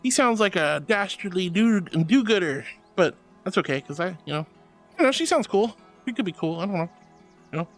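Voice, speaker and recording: An affectionate woman streamer chats casually and reads out her live chat, calling viewers sweetie and honey. Her bubbly voice is lively and jumps up and down in pitch. Soft music plays faintly underneath. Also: moderate pace.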